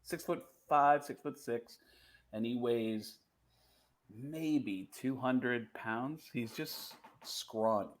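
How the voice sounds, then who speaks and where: A man who is a comedian telling a story in an animated way and switching into voices for his characters. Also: mid-range voice, drawn-out words. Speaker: comedian and guest. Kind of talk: comic storytelling.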